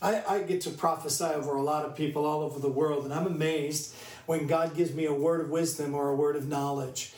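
A man's voice: on the high side, steady tone, brisk, darkish tone, reverberant, recorded from a distance. A man preaching a sermon, reading scripture and telling a personal story in an earnest manner.

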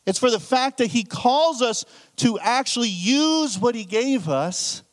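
A man's voice: very high-pitched, measured pace. A pastor preaching a sermon, telling a story and acting out his own thoughts. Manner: animated storytelling with acted-out inner thoughts.

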